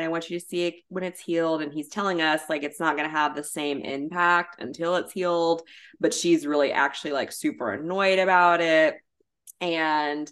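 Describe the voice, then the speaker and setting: A woman with a notably deep voice talks as a podcast co-host. She recaps reality TV casually and bluntly, full of "like" and easy swearing. Her delivery is loose and conversational. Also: a bit bright. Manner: chatty and blunt, with frequent "like" and swearing.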